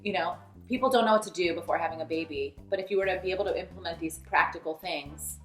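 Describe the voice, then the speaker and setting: A woman's voice: on the low side, fast, a bit bright. Supportive woman host in an echoey room. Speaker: podcast host. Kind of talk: podcast interview.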